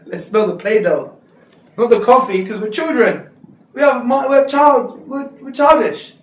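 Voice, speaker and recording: A man giving a lively, joking lecture to students, slipping into street slang. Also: very high-pitched, measured pace. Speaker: Islamic speaker. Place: lecture hall. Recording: echoey hall recorded from far off.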